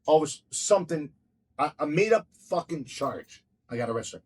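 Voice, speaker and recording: A man telling a story in a casual interview, profane and excitable, repeating himself as he goes. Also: fairly high pitch, moderate pace, slightly rough. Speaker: restaurant owner telling his story.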